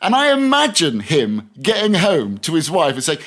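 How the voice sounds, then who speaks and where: A man's voice: fairly high pitch, wildly swooping pitch, moderate pace, hardly any pauses, fairly bright tone. A man, a veteran radio presenter, telling anecdotes in a casual podcast interview, chatty and full of restarts. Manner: chatty anecdotal, many restarts, laughs through stories.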